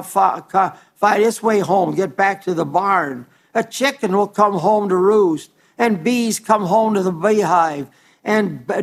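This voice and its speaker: An older man preaching a folksy sermon, stumbling and repeating words as he tells homespun stories. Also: high voice.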